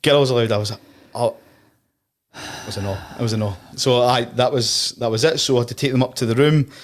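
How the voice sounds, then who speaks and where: A man's voice: mid-range voice, fairly even intonation. A man from the East of Scotland with a Scottish accent, telling chatty anecdotes on a casual podcast. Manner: chatty storyteller, quick anecdotes. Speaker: podcast host. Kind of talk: casual chat.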